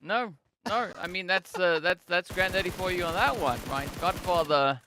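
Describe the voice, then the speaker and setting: A South African man commentating a live esports match with a bright, fairly high voice. His delivery is measured and analytical, with an easygoing tone. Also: slight background noise. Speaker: esports caster.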